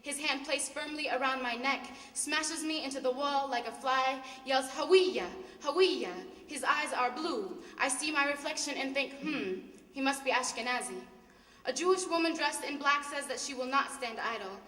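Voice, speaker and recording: A young Palestinian woman performing a spoken word poem in an impassioned, rhythmic delivery that builds to shouts. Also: high voice, normal speed, hardly any pauses. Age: young adult. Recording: echoey hall, mic far off.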